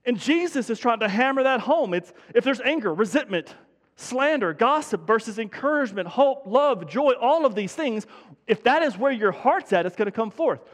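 A man's voice: very high voice, expressive, moderate pace. A man preaching a sermon as pastor, speaking conversationally and repeating his key points for emphasis. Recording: long hall reverb.

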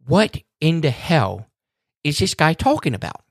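A man's voice: fairly high pitch, big pitch swings, moderate pace, a bit bright, no room sound, studio quality. A man, a podcast regular, ranting in a fired-up, cursing way during a casual chat. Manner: fired up, ranting, swears freely.

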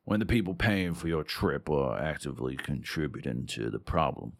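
A man's voice: extremely low pitch, lively intonation, normal speed, vocal fry, no room sound, clean studio sound, pitched below the performer's own voice, heavily acted. A man doing a put-on Texan Southern accent while reading aloud a wary expedition member's first-person account. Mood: earnest. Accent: put-on Texan Southern drawl. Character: wary male expedition member narrating his arrival.

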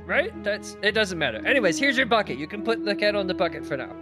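A man playing his character in a tabletop game, rambling excitedly with many restarts. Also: sits high, quick pace, over music. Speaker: player. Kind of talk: tabletop role-play in character.

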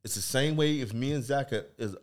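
A man's voice: mid-range voice, fairly quick. A man chatting casually on a podcast, blunt and slangy, often agreeing with the others.

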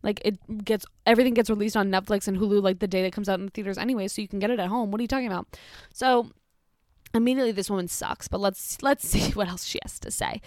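A young woman tears into posts one by one in a profane, sarcastic rant, her exasperation plain in every line. Her voice sits at an ordinary middle pitch. It comes across close and dry, with no room sound. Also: fairly even intonation, quick pace, darkish tone, no room sound. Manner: sarcastic, exasperated, swears a lot. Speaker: commentary vlogger.

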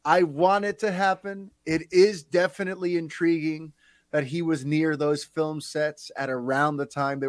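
A man's voice: on the high side, no echo. A man hosting a podcast, talking casually and animatedly with plenty of fillers. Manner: animated, chatty, lots of fillers. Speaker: podcast host.

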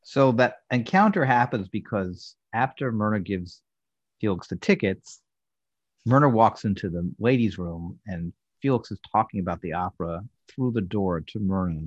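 Man, podcast host, husky voice, low pitch, lively delivery, dry dull sound. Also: normal speed, no room sound. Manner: animated storyteller, acting out quotes. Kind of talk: casual episode recap.

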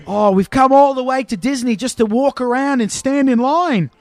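A man's voice: very high-pitched, no room sound, soft background music, pitched above the performer's own voice. A man doing a whiny, bratty little boy with a fake Australian accent. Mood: whining. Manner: whiny, drawn-out, shouting complaints. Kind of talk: acted quote in a comedic anecdote.

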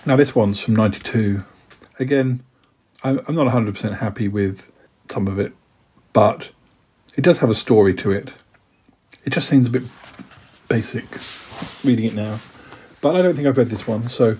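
Husky-voiced man reading poems. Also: medium pitch, normal speed, long pauses, darkish tone. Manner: hesitant, self-deprecating, with many fillers. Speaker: podcast host and poet. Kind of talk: casual chat and poetry reading.

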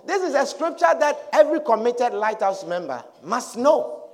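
A man's voice: very high voice, big pitch swings, normal speed, darkish tone. A male pastor preaching a sermon emphatically, repeating phrases and asking listeners if they understand. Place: church hall. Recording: long hall reverb.

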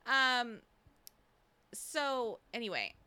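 A chatty woman co-hosts a book podcast, laughing easily and cursing for fun. Her voice is bright and a little high, recorded close and dry. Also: very animated, extremely slow, clear, resonant tone, no echo. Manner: chatty, laughs often, swears. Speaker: podcast co-host. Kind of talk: casual book recap chat.

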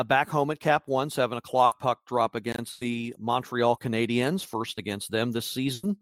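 A man's voice: medium pitch, dry recording, clean studio sound. A man hosting a casual sports podcast, rambling and wry with lots of fillers. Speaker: podcast host.

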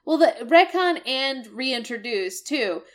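A woman with a fairly high voice co-hosts a casual podcast. She rants and swears freely, dropping into quick mimicry of game characters. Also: lively intonation. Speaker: podcast co-host. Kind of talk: casual game-review chat.

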